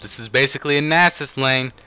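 A man's voice: mid-range voice, fast talker, bright, forceful tone, a little hiss or hum. A young man commenting on his own video game match, swearing and ranting in frustration at other players. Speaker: gaming streamer. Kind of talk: gameplay commentary. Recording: music bed under the voice.

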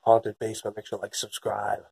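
A man's voice: fairly low pitch, monotone, a little fast, creaky, a little mellow, breathy edge, dry recording. A young man hosting a casual paranormal vlog from a basement, nervous and swearing. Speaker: vlogger host.

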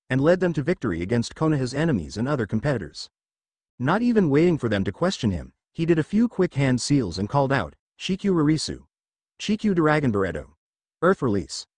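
A man reads a fan-written story aloud, with expressive narration. His pitch is middling but very lively. The recording is dry, with no room sound. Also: slightly rough, no room sound. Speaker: fan fiction reader.

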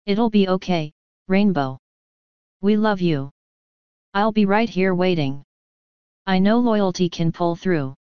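A woman's voice: medium pitch, slow pace, pauses often, clear, resonant tone, no room sound, lightly acted. A woman voicing a young female pony mage, soothing and reassuring, in a storybook reading. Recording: dull lo-fi dry recording.

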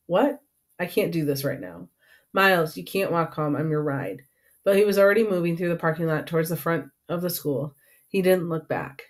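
Woman reading a novel aloud in first person. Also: low-pitched. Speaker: audiobook narrator. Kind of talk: first-person audiobook narration.

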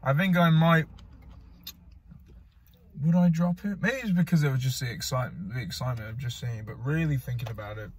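A man co-hosts a relaxed film review chat in a slightly husky voice. He thinks aloud in an easygoing way as he works out his opinion. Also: mid-range voice, brisk, long pauses.

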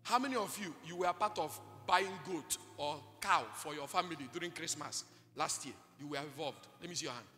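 A Nigerian pastor preaching a sermon at a conference, calling out to the congregation for responses and breaking into shouts. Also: male voice, a little high, brisk. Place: large church conference hall. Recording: reverberant hall with music underneath.

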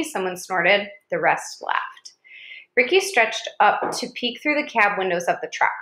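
A woman's voice: mid-range voice, expressive, moderate pace, pushed and bright. A woman narrating a chapter of an audiobook, with small slips and restarts as she reads. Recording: roomy echo.

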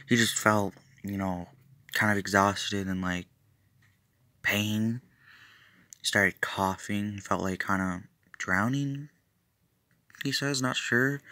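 A young man narrates a fan story off the cuff, his voice sitting low yet sounding bright and forceful. He rambles along with plenty of fillers and throws in joking asides. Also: no room sound. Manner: rambling, loose, lots of fillers and self-interruptions, jokey asides.

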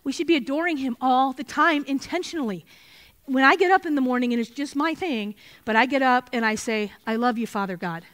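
A middle-aged woman leads a women's Bible study in a fairly high voice. She talks earnestly and with animation, moving between personal stories and Scripture references. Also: fairly quick, fairly bright tone.

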